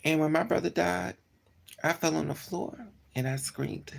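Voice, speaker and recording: Heavily gravelly, husky livestream storyteller. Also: medium pitch, moderate pace. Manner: blunt, profane, repeats and corrects itself. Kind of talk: casual storytelling to live chat.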